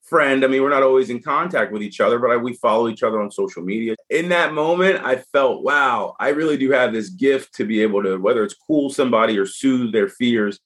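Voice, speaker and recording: A middle-aged man with a husky, slightly breathy voice talks casually as a podcast guest. He tells his stories in an animated way and acts out what people said in them. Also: mid-range voice, brisk, few pauses. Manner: animated, acts out quoted speech. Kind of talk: casual conversational storytelling.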